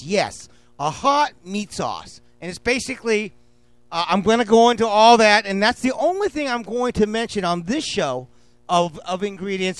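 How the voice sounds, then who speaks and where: A man's voice: high-pitched, a bit bright, clean tone, no room sound. A man hosting a cooking show, talking in a brash, rambling way and swearing freely. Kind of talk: casual cooking show talk.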